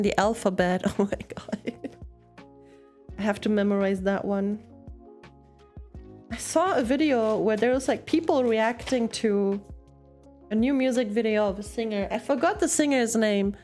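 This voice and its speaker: A woman's voice: fairly high pitch, darkish tone. A young woman streaming while she crafts, chatting casually in a rambling way, giggling often and telling puns.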